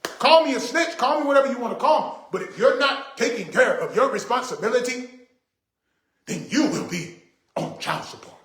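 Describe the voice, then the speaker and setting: A man's voice: very high voice, animated, normal speed, fairly bright tone. A middle-aged man ranting to camera in an indignant, preachy way, repeating his points for emphasis. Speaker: vlogger. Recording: echoey room.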